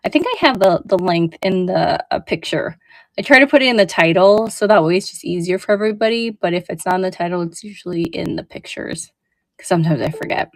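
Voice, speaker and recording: A chatty woman with a drawl talks through vintage brooches on a casual live selling stream. Her voice sits a little low for a woman and sounds dry and close, with no room around it. She rambles warmly, full of ums and little asides to her viewers. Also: brisk, dry recording. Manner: chatty, warm asides, lots of fillers. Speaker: online vintage jewelry seller.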